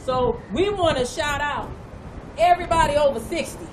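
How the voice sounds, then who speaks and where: A woman with a St. Louis accent, a protest organizer giving shout-outs and speaking directly to an outdoor crowd. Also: sits high, normal speed, heavy background noise. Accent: St. Louis, Missouri. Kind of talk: rally announcements. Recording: outdoor recording amid a loud crowd.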